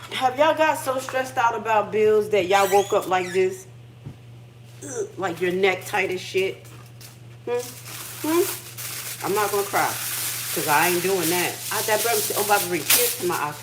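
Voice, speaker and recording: With slight background noise behind her, a middle-aged woman speaks at a medium pitch. She's hosting a laid-back livestream from her kitchen, sharing emotional stories openly and cursing a lot.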